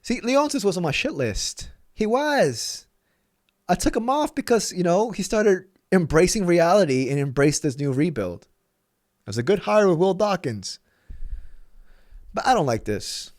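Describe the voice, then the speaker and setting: Male sports vlogger, high voice, exasperated profane rant, dry close sound. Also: big pitch swings, a little slow, darkish tone, no echo. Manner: exasperated, profane, emphatic ranting. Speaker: sports channel host. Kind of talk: ranting sports commentary vlog.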